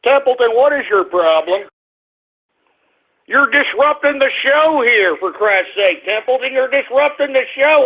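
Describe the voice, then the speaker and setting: Talk radio host, male, high-pitched, exasperated, thin phone-quality audio. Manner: exasperated, repetitive, scolding his dog on air. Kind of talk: call-in radio talk show monologue. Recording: tinny phone-like radio stream.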